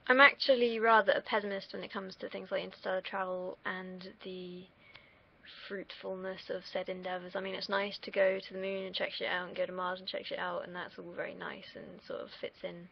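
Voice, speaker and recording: A woman's voice: fairly low pitch, monotone, a little fast, vocal fry, muffled recording, slight background noise. A young woman from the UK, vlogging in a casual, rambling monologue that wanders off on tangents, with the odd swear word. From United Kingdom.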